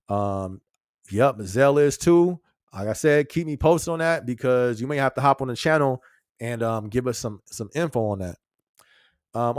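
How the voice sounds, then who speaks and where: Male podcast host, casual and slangy, mid-pitched voice, dry close recording. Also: dry recording. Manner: laid-back, chuckles often, slangy. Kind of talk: casual live-stream chat.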